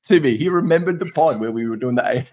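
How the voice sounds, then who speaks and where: Husky, animated man. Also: medium pitch, fast talker. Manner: animated, chatty storyteller. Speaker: podcast co-host. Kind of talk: casual podcast chat.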